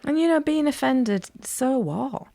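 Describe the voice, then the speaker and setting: A woman's voice: high-pitched, animated, unhurried, creaky, dark tone, dry recording, clean studio sound. A woman co-hosting a wellbeing podcast, chatting casually and telling anecdotes. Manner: chatty, anecdotal, laughs easily. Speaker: podcast co-host.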